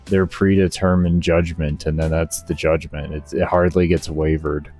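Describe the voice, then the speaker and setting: A man's voice: very deep voice, level tone, normal speed, a little mellow. A male streamer in laid-back, slangy casual chat, talking to his viewers. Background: faint background music.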